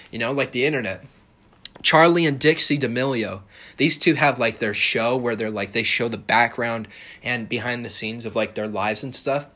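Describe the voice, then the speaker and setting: Brief: young male podcast host, bright forceful tone, profane confrontational rant. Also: medium pitch. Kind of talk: ranting monologue.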